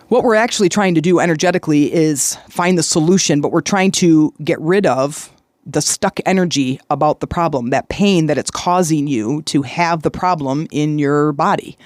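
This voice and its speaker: A woman's voice: low voice, moderate pace, darkish tone, no echo, studio quality. A woman hosting a solo podcast, telling a story in a chatty way and checking in with the listener as she goes. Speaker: podcast host.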